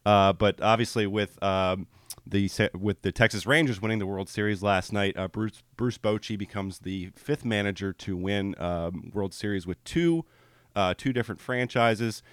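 A man working as a radio show producer, putting trivia questions to a guest as a brisk, encouraging quizmaster. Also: on the low side, dry recording, studio quality. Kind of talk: quizzing on-air trivia.

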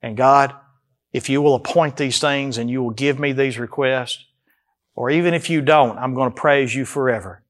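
Preaching a sermon, this pastor speaks in a mid-range voice. His spoken prayers swell with emphatic rises and stretch into slow, drawn-out phrases.

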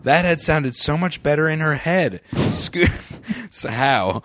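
A man's voice: on the high side, lively intonation, slow, hardly any pauses, fairly bright tone, dry recording. A man hosting a podcast, reading a story aloud and chatting, often breaking into laughter and restarting his sentences. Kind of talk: reading aloud and casual chat.

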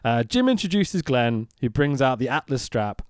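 A man's voice: medium pitch, sing-song, moderate pace, smooth, dry recording, studio quality. A man co-hosting a podcast in casual chat, swearing freely and laughing often. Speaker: podcast co-host.

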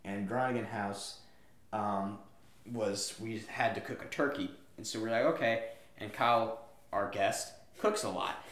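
A young man co-hosting a podcast, telling a story in casual chat and acting out quotes with sudden loud yelps. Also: on the low side, unhurried. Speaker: podcast co-host. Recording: echoey room.

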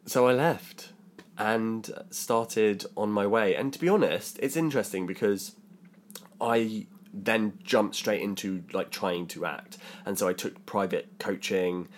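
Young British man, low voice, rambling storyteller with plenty of fillers. Casual podcast co-host. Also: a little slow, slight background noise. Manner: chatty storytelling, lots of ums and likes. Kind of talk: casual chat.

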